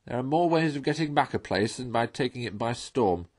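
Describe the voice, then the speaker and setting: A man voicing a stern, wise old male badger in a storybook reading, slow and commanding. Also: medium pitch, expressive, pitched above the performer's own voice, natural voice. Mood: encouraging.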